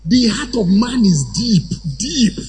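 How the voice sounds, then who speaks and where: Animated preacher man in a reverberant hall. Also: high-pitched, takes it slowly, slight background noise. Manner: animated, sometimes shouting and chanting phrases. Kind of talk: sermon. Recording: hall reverb with faint ambience.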